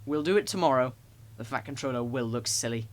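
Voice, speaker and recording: A man's voice: medium pitch, lively intonation, a little fast, lightly acted. A man voicing a proud, rude big male engine in a storybook reading, speaking with haughty scorn. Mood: scheming.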